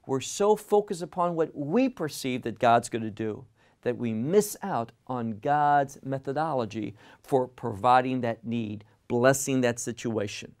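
Slow, emphatic male Bible teacher. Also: mid-range voice, darkish tone. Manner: deliberate, emphatic, repeats words for stress.

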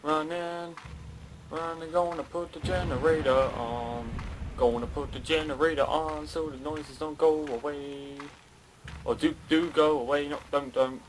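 A man's voice: fairly high pitch, fairly even intonation, measured pace, background noise. A young man commentating a horror game as he plays it, jumpy, swearing and talking to himself and the game. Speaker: gaming channel host.

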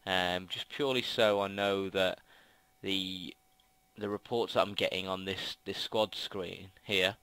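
Deep-voiced Brummie man rambling over gameplay. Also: steady tone, measured pace, sharp tone, clear, resonant tone, no room sound, rough recording. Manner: rambling, heavy on ums and restarts. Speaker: gaming commentator. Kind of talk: casual game commentary. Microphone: gaming headset mic.

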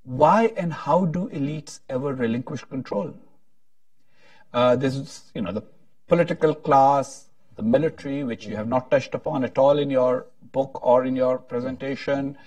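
A man's voice: mid-range voice, moderate pace, a little mellow, no echo, distant mic. A man moderating a panel discussion, talking in a rambling, hesitant way with frequent restarts.

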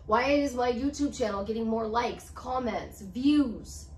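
A woman's voice: a little high, measured pace, a little mellow. A woman life coach giving a motivational talk, repeating affirmations with emphasis. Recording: roomy, slightly distant mic with faint hiss.

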